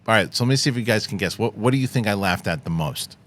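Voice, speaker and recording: A man with a somewhat low voice hosts a casual film discussion. He gets animated and laughs as he retells favorite scenes. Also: fast. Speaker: host.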